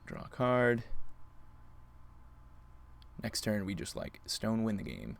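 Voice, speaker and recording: A man's voice: on the low side, big pitch swings, slow, creaky. A man commentating his own card game on a live stream, playful and chatty with his opponent and viewers. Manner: playful, talks to opponent and chat.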